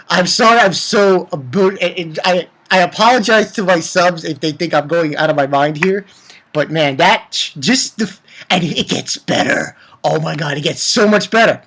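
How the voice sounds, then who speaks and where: A woman giving a casual video review of an anime chapter. She gets excited, swears freely and acts out the characters' lines as she retells them. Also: low voice, normal speed.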